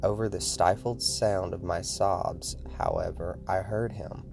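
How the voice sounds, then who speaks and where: A man with a very deep voice reads a scripted, first-person horror story aloud. His delivery is steady, and music plays steadily behind the narration. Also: a little slow, gravelly.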